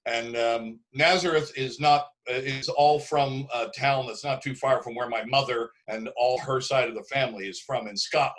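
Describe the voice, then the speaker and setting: An older man from Canada sits in as a guest, telling stories in a loose, lively way. His voice sits at a middling pitch, and he acts out the voices of the people he quotes. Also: normal speed, few pauses, low-quality recording. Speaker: guest drummer. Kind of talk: casual interview storytelling.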